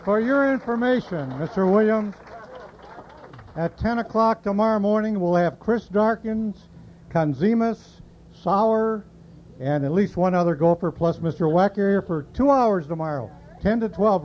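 Gruff heckling male sportscaster. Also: high voice, unhurried, dull audio, slight background noise. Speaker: sportscaster and show regular.

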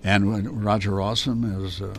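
An older man with a gravelly voice tells stories from his years in live children's television. He slips into put-on voices and laughs as he goes. His words sit over a faint hum of background noise. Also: on the low side, moderate pace. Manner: animated storyteller, slips into character voices and laughs often. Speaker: interview guest, former children's TV performer. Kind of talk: reminiscing interview.

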